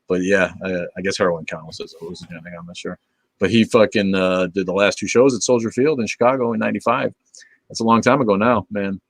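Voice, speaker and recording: A man in his fifties hosting a casual livestream, rambling and cursing in a laid-back way as he answers viewer comments, often trailing off into low mumbles. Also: dry recording. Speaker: livestream host.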